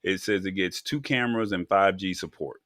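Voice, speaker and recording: A man co-hosting a casual tech talk show, rambling with frequent pauses and restarts. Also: deep voice, a bit bright, dry recording, clean studio sound. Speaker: co-host.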